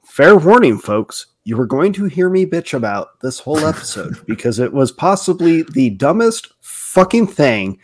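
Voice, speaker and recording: A man co-hosting a casual movie podcast, animated and profane, mocking a bad film. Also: on the high side, moderate pace, hardly any pauses. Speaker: podcast co-host.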